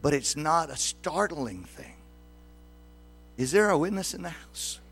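A man's voice: a little high, big pitch swings, a little slow, gravelly, fairly bright tone, husky, soft background music. A man in his sixties preaching a sermon as pastor, often putting questions to the congregation. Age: 60s.

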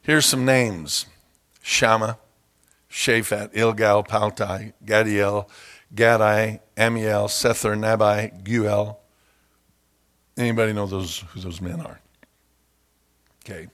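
A man preaching a sermon, telling stories and acting out quoted voices with loud, high outbursts. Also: fairly even intonation, slow pace, pauses often. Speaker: pastor.

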